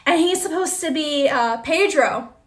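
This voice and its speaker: Woman host, high bright voice, bubbly and exclamatory, chatty live stream with viewers. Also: expressive, a little slow. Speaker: livestream host. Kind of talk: casual livestream chat, reading viewer comments.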